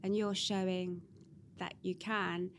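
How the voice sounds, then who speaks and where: A woman's voice: fairly low pitch, flat delivery, takes it slowly, fairly bright tone, a little hiss or hum. A woman hosting a podcast, closing an interview with effusive praise for her guest. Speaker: podcast host. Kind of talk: interview wrap-up.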